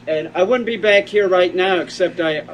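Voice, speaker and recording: A man recounts his own experience in earnest, halting speech, tripping over his words. His voice sits a little high. The clip was recorded outdoors, with plenty of noise underneath. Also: poor audio. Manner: halting, repeats words when flustered. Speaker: storyteller in a played clip. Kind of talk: earnest first-person storytelling. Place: outdoors in woods.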